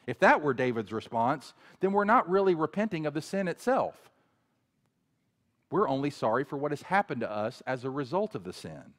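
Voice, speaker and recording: A man preaching a sermon as pastor, earnestly, rising loud on impassioned passages and falling low and quiet. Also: sing-song, normal speed. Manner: earnest preaching, swelling loud when voicing a plea, then dropping low and quiet. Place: church sanctuary. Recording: long reverb of a church hall.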